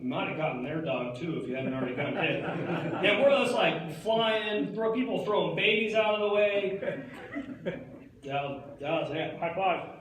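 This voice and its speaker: A man's voice: high-pitched, normal speed, heavy background noise. A young man performing a comic stage monologue, rambling in slacker talk full of "like" and "dude". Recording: echoey hall picked up from far off.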